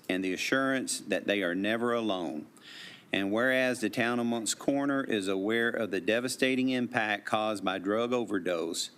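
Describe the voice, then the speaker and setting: Low-voiced man reading a proclamation. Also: fairly bright tone. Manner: measured, formal proclamation reading. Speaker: presiding official at a town council meeting. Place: town council meeting chamber.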